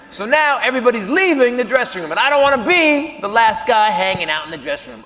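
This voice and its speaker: High-pitched animated stand-up comedian. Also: male voice, quick pace, few pauses, long reverb tail, background noise. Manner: animated, bursts into shouting, drops to near-whispers. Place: live comedy stage.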